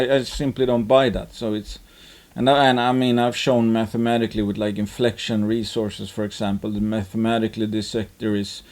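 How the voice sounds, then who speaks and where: Here a man with a mid-range, slightly mellow voice discusses stocks on his investing channel. The commentary is casual and rambling, repeatedly broken by fillers and restarts.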